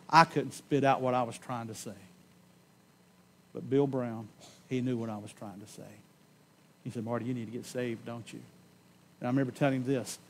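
A man preaching a sermon in a church, giving an impassioned personal testimony that swings from loud emphasis to hushed tones and slows on key words. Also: medium pitch, vocal fry. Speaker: pastor. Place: church sanctuary.

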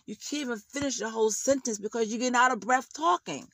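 A woman's voice: on the high side, a little fast, few pauses, fairly bright tone, no echo. A woman vlogger giving blunt, heated commentary on a reality show, ranting in casual slang.

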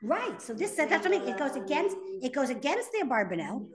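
In a classroom full of students, with crowd noise in the background, a Torah teacher speaks fairly quickly in a high voice. She reads Hebrew texts with animation, translating and explaining each one.

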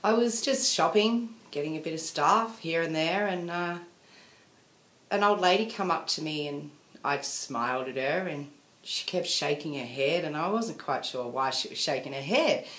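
A woman's voice: low-pitched, expressive, moderate pace, a bit bright. A woman venting in a casual video diary, rambling and apologetic. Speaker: vlogger. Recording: echoey room.

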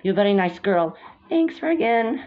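A woman voicing several girl characters in a hobby drama, exclaiming frantically and swinging between shouts and mutters. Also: medium pitch, big pitch swings, normal speed. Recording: dull lo-fi recording with music behind.

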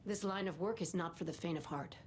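A woman's voice: lowish voice, a little fast, a little hiss or hum, close to an everyday voice. An actress playing a serious, businesslike female police officer. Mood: stern.

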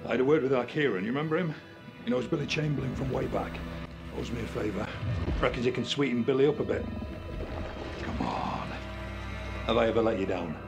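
A man's voice: mid-range voice, expressive, brisk, long pauses, over music, lightly acted. An actor playing a sheepish man reassuring a friend in a video game, coaxing in tone.

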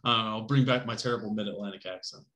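Male college instructor, bright tone, loose chatty delivery, roomy echo. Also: lowish voice, fast. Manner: casual, conversational, lots of fillers and "right?" checks; joking asides. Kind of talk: recorded class lecture.

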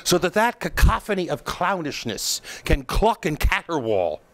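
A man with a slightly high voice delivers a political commentary monologue as the show's host. He is emphatic and scornful, piling mockery on the people he criticizes. He often pauses and restarts his sentences. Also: very animated.

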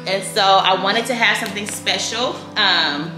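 A woman leading a toast for a friend at an indoor party, lively and slangy, guiding the group. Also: mid-range voice, measured pace. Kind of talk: casual party speech. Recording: echoey room with loud party music.

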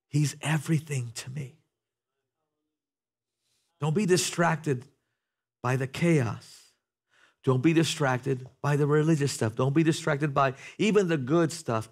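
A man preaching a sermon to a congregation in a church, talking conversationally, asking the room questions and building to loud, animated passages. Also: medium pitch, measured pace. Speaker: pastor. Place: church sanctuary before a congregation.

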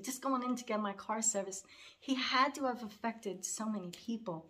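A woman's voice: on the high side, moderate pace, fairly bright tone. A middle-aged woman telling a personal story in a casual vlog, rambling and heartfelt, her voice wavering toward tears. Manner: rambling and heartfelt, with frequent fillers and restarts. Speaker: cross-stitch vlogger.

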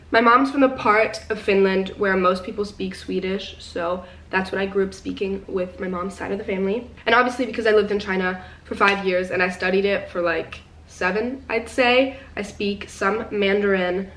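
A woman's voice: mid-range voice, normal speed, a bit bright, slight background noise. A teenage girl chatting casually to her viewers in a rambling, filler-heavy way. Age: teens. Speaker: vlogger. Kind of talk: casual vlog chat to viewers. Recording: roomy sound, some distance from the mic.

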